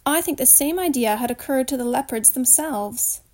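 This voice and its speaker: A woman reading a children's storybook aloud in a steady, expressive way. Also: high voice, normal speed.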